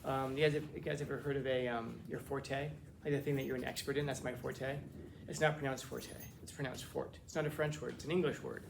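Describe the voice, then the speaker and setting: A man's voice: medium pitch, steady tone, fast, vocal fry, hardly any pauses, noisy background. Joking man lecturing a class. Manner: conversational, joking asides, many restarts. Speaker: teacher.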